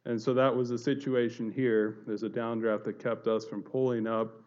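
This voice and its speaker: A man's voice: mid-range voice, flat delivery, darkish tone. Earnest man telling his story, muffled. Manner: earnest, halting, with many fillers and restarts. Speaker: speaker giving a personal testimony. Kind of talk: earnest spoken storytelling to an audience.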